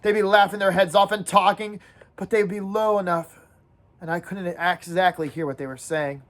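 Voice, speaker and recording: A teacher, a woman with a medium-pitched voice and a steady tone, reads a novel written in first person aloud to her class, stopping occasionally to address the students and ask them questions.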